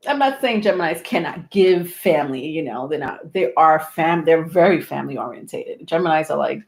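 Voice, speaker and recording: A woman's voice: low-pitched, expressive, normal speed, hardly any pauses, echoey room. A woman giving a casual live tarot reading, chatty and loose, with many fillers and frequent laughs. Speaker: tarot reader.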